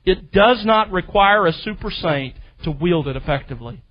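High-voiced man preaching a sermon. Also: animated, muffled recording. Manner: teacherly, emphatic, slows for key phrases. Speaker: pastor. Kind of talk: expository sermon.

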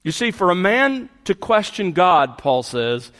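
A man's voice: sits high, sing-song, a little slow, fairly bright tone, big-room sound. A man preaching a verse-by-verse sermon, stressing key words and repeating phrases for emphasis. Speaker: pastor. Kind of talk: expository sermon.

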